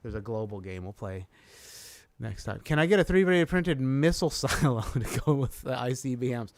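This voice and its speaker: A man's voice: medium pitch, animated, normal speed, dry recording. A man co-hosting a livestream, chatting loosely and joking with viewers. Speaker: podcast co-host. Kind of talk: casual livestream chat.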